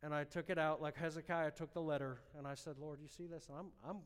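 A man preaching a sermon, telling a personal story with strong emotion and building to fervent, loud exhortation. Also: fairly high pitch, level tone, fast, clean tone, big-room sound. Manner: emotional storytelling, rising to impassioned shouting.

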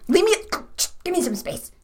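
A woman's voice: extremely high pitch, very animated, moderate pace, darkish tone, voice pushed up. A woman playing a stubborn, defiant oni woman in a fine dress in a tabletop game, arguing and bossy.

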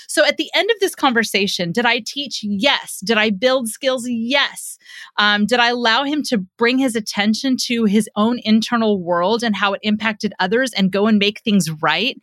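A middle-aged woman, a psychotherapist and podcast guest, explaining in an animated way and acting out little parent-child exchanges. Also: fairly high pitch, moderate pace, dry recording. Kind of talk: podcast interview.

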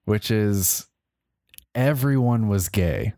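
Low-voiced man telling jokey history. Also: lively intonation, slow pace, mellow, dry recording, clean studio sound. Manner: jokey storyteller, playful voices. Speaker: podcast co-host. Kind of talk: casual comedic chat.

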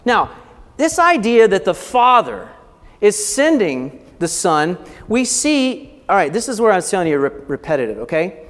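A male pastor teaching a sermon in a high voice that rises and falls freely. He explains things step by step and keeps checking in with "okay?", acting out bits of dialogue along the way. A long reverb trails off behind him in the church hall. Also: very animated, moderate pace, fairly bright tone.

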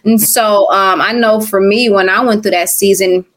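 A woman's voice: mid-range voice, steady tone, moderate pace. A middle-aged woman minister giving a conversational, earnest testimony, repeating and restarting words as she talks. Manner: earnest, preachy, with frequent fillers and restarts. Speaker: minister and podcast guest.

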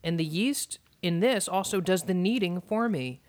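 A podcast host with a deadpan, whimsical manner, chatting casually. The voice sits at mid pitch, relaxed and steady. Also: moderate pace. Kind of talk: casual chat.

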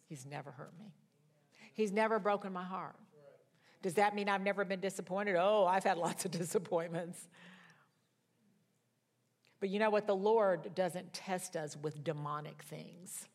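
Older woman, Bible study teacher, lowish voice, animated chatty storyteller with big jumps in pitch. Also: a little slow, long pauses. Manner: chatty, with self-mocking asides.

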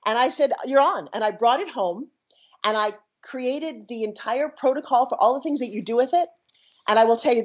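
A middle-aged woman, an entrepreneur and TV pitchwoman, telling her story with high energy and enthusiasm in a podcast interview. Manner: energetic, enthusiastic, jumps into quoted voices.

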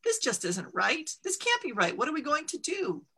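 Woman doing a fed-up stubborn country mom, pitched up, pleading, bright. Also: animated, moderate pace, full character voice. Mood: exasperated. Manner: exasperated, pleading, raised pitch. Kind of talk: storybook read-aloud.

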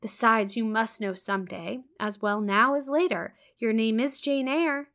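A woman reading aloud who voices a reserved, stern young male clergyman in formal, measured old-fashioned speech. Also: fairly high pitch, fairly even intonation, a bit bright. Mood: yielding. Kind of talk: reading a classic novel aloud.

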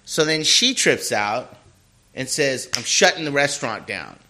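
A man's voice: mid-range voice, a little slow. A man hosting a casual podcast, telling a story with lots of swearing, laughing and acted-out voices of the people in it. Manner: animated storyteller, acts out quoted people, swears freely, laughs often. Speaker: podcast host.

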